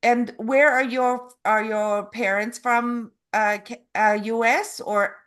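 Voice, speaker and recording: A woman interviewing a guest, speaking haltingly as she searches for her words. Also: a little high, fairly even intonation, a bit bright, clean tone. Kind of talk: casual interview.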